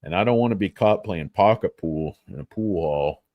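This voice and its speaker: A man's voice: low-pitched, normal speed, no room sound, highs cut off. A man hosting a casual stock trading livestream, rambling and joking as he talks. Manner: rambling, joking, bouncy delivery.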